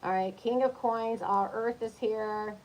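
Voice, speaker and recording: A woman's voice: on the high side, fairly even intonation, a little slow, darkish tone, slight background noise, poor audio. A woman who is a tarot reader, giving a casual reading for zodiac signs in a chatty, coaching tone and checking in often with her listeners.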